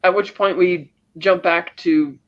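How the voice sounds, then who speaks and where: A man co-hosting a podcast, casually retelling a film's scenes and acting out the characters' lines. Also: measured pace. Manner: animated retelling, acting out lines with raised pitch. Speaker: podcast co-host. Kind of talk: casual film recap chat. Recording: dull lo-fi audio.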